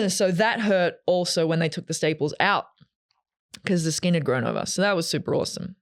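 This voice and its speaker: A woman's voice: fairly low pitch, moderate pace. A woman, telling a story in a rambling, sarcastic, casual way while walking into a restaurant. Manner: rambling, sarcastic, self-deprecating. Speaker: vlogger. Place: walking into a fast food restaurant.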